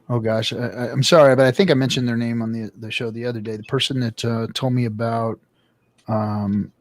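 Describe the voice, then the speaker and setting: A middle-aged man and regular of the show, chatting casually and profanely on a livestream, telling animated stories. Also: medium pitch, no echo.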